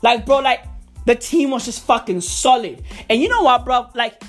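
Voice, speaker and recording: A man ranting excitedly to camera about football, swearing constantly and stumbling over repeated words. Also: extremely high pitch, normal speed, faint music behind. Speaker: vlogger and football fan. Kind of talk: casual profane rant to camera.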